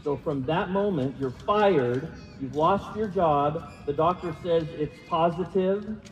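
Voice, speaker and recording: Speaking slowly in a fairly high voice, a pastor delivers a laid-back, self-deprecating sermon. He asks his congregation questions and leads them in repeating words, recorded in an echoing hall with dull, lo-fi sound.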